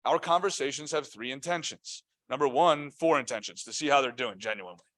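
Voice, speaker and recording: A man giving a motivational training talk at a team meeting, energetic and punchy, often quizzing his listeners. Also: medium pitch, brisk, no echo. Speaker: real estate team trainer.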